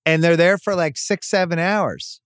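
A man's voice: a little high, moderate pace, smooth, no room sound. A middle-aged man co-hosting a podcast, chatting casually with a dry, teasing humor. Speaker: podcast co-host. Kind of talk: casual chat.

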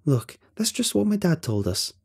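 An excitable older boy, as a man puts him on tells his tale in a raised, animated voice with a husky edge. He teases and bosses, his pitch lifted high above a grown man's. It is a storybook figure. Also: moderate pace, full character voice. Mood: offhand.

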